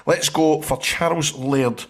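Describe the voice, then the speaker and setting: A Scottish man co-hosting a casual football podcast, excitable and joking. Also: a little high, slow pace, creaky. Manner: excitable, laughs and shouts a lot. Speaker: podcast co-host.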